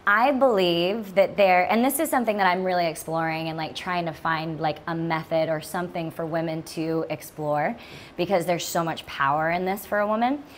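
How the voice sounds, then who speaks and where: A woman's voice: on the low side, normal speed. Woman chatting on a podcast, acts out her thoughts, laughs a lot, faint hiss behind. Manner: animated storyteller, acting out her own thoughts in a lifted voice; laughs often, many fillers like "like". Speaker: podcast guest. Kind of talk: casual chat.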